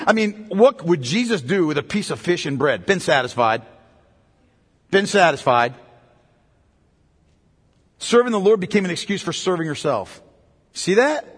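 A man's voice: sits high, husky, long reverb tail. A pastor preaching a sermon, driving his points home through repetition and rhetorical questions.

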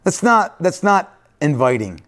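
A man's voice: on the high side, big pitch swings, a little slow, fairly bright tone. A man preaching a sermon to a congregation, talking directly to them with frequent "right?" asides and repeated phrases. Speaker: pastor.

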